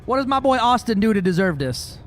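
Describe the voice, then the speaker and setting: A man's voice: high-pitched, sing-song, brisk, a bit bright, faint music behind. A man streaming a space game, chatting casually with viewers in a joking, profane way. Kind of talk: casual gaming livestream chat.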